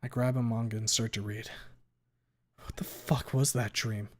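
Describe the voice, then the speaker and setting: A man's voice: mid-range voice, steady tone, normal speed, pauses often. Man, streamer reading a visual novel aloud, first-person, dramatic, curses, trips on words, sometimes whispers. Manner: swears freely, stumbles over words.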